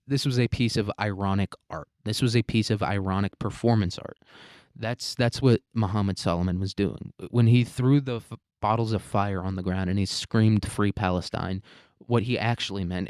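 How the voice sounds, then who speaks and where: A man's voice: fairly low pitch, darkish tone, dry recording, studio quality. A man hosting a solo commentary podcast, rambling, sarcastic and heavy on swearing. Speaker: podcast host.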